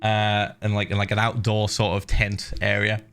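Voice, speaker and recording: A man hosting a livestream, telling a story in casual chat, animated and laughing, with swearing and many fillers. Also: on the low side, moderate pace, clear, resonant tone. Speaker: livestream host.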